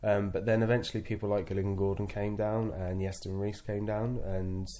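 Man, fairly low voice, casual podcast guest, rambling self-deprecating stories. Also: flat delivery, fairly quick, mellow. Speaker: guest wrestler.

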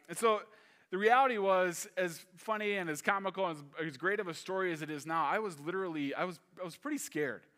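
A man in his thirties preaching a sermon, telling a personal story in an animated way. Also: on the high side. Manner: animated storyteller, shifting to calm teaching. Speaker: pastor.

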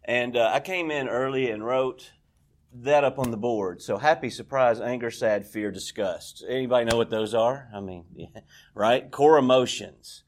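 A man's voice: medium pitch, normal speed. A man gives a candid, self-deprecating personal testimony at a recovery meeting, acting out bits of dialogue. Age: 40s.

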